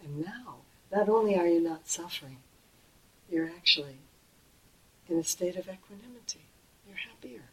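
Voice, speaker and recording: A middle-aged woman giving a Buddhist dharma talk in a gentle, conversational way, slowing and softening on key phrases. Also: on the low side, rough recording. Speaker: Buddhist teacher.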